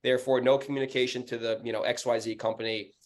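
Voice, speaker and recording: A man with a New York accent, co-hosting a real estate podcast and telling animated, profane stories in casual chat. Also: medium pitch, fast talker. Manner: animated, profane, acts out heated phone calls in a raised voice.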